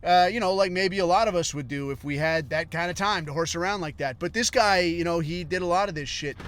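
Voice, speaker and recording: A man's voice: high-pitched, fairly quick, a bit bright, dry recording. A man ranting on a podcast, rambling and profane, sometimes mocking other people in put-on voices. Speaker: podcast host.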